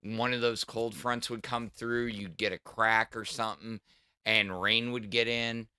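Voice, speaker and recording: Man, Southern US accent, middle-aged, rambling tech talk, lowish bright voice, clear. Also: fairly even intonation, no echo, studio quality. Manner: fast, technical, rambling with restarts. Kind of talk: casual livestream chat.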